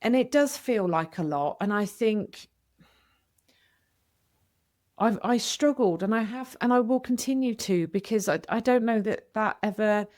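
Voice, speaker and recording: A woman's voice: medium pitch, moderate pace, hardly any pauses, darkish tone. A middle-aged woman speaking as a podcast guest, earnest and reflective, often restarting her sentences. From United Kingdom. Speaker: podcast guest, widow coach. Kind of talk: candid podcast conversation.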